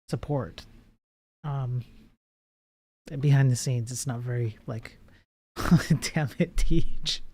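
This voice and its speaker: A man in his forties talking casually on a live coding stream, his voice warm and mellow. He jokes, swears, and answers chat messages as they come in, in an easygoing way. The sound is dry and close, with very little room. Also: medium pitch, dry recording. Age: 40s. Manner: loose and joking, swears, reads out and answers chat.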